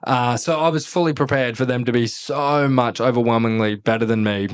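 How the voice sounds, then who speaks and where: Australian guy in his thirties, ex-officer guest, lively yarn-spinner, salty language, laughs through his stories. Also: mid-range voice, fairly quick, clear, resonant tone. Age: 30s. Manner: animated, laughing, swears a lot, acts out quotes. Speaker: podcast guest, former army captain. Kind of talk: casual storytelling interview.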